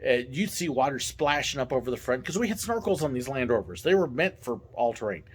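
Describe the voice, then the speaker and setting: Animated man telling funny stories. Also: medium pitch, brisk, slight background noise. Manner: animated, playful, acts out quoted voices. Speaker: vlog host, former theme park ride driver. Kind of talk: casual storytelling.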